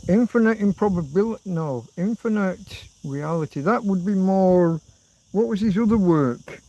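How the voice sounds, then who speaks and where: A man's voice: high voice, unhurried, warm tone, dull audio, a little hiss or hum. Rambling man hosting an outdoor livestream. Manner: meandering, reads viewer comments aloud and answers them. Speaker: livestream host. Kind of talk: rambling livestream chat reading comments. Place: outdoors in a rural spot.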